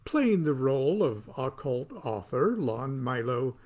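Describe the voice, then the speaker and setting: A man's voice: medium pitch, sing-song, unhurried, a little mellow. A man reading aloud from his own book, with a wry, theatrical delivery that plays to the listener.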